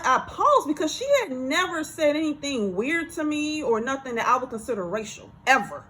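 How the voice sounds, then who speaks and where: A woman tells a story in a relaxed, chatty monologue, her voice sitting high. She is animated, circling back over her points and acting out other people's lines as she goes. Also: poor audio. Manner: animated, repeats herself, acts out coworker's lines. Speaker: channel host telling a workplace story.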